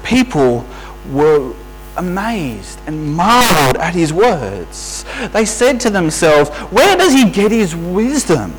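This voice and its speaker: A man's voice: sits high, poor audio. A man preaching a sermon in a conversational way, asking the listeners rhetorical questions, over a faint mains hum.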